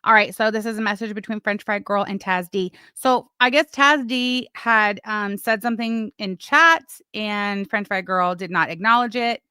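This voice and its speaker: A woman's voice: mid-range voice, moderate pace, few pauses, pushed and bright, clear, resonant tone, no echo, clean studio sound. A woman hosting a casual livestream, chatting and reading messages with sarcastic asides. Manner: chatty, sarcastic, talks to chat while doing other things. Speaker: livestream host.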